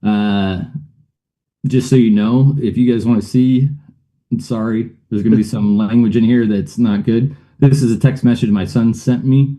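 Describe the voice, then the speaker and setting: A man's voice: mid-range voice, fairly even intonation, normal speed, dark tone. A middle-aged man, a guest on a show, telling a personal story in a rambling way, with many fillers and uneasy laughs.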